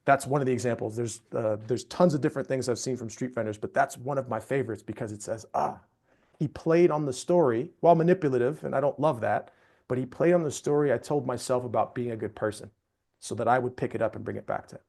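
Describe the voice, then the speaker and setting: A man, a storytelling expert, telling an anecdote as a podcast guest in a lively, conversational way. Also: mid-range voice, fast, gravelly. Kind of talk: animated storytelling in a podcast interview.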